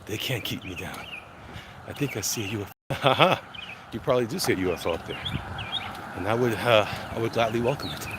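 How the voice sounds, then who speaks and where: A comic artist livestreams while striding briskly through a neighborhood outdoors, slightly winded, his voice on the low side. He rambles casually, reading chat names aloud and greeting viewers one by one over a noisy background.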